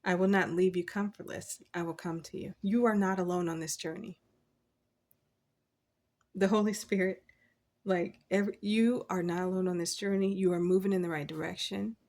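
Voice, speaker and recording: Encouraging woman with a gravelly edge. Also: on the low side, fairly even intonation, moderate pace, a little mellow. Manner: encouraging, chatty, laughs often; quotes scripture. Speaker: tarot reader. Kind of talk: casual spoken tarot reading.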